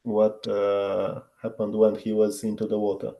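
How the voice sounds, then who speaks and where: A man's voice: fairly low pitch, monotone, a little slow, gravelly, muffled recording. A man learning English, describing a picture with hesitation and searching for words over a video call. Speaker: student.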